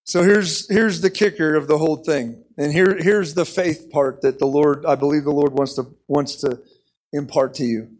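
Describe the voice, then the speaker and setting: A man's voice: fairly high pitch, fairly even intonation, normal speed, low-quality recording. An American man preaching an impassioned sermon, repeating phrases and leading the congregation in call-and-response.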